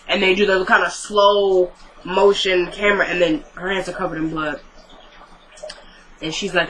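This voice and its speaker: A woman's voice: lowish voice, steady tone, moderate pace, a bit bright, a little hiss or hum, rough recording. A woman casually recapping a TV drama episode, retelling scenes by quoting the characters, with many likes and asides. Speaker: TV recap vlogger.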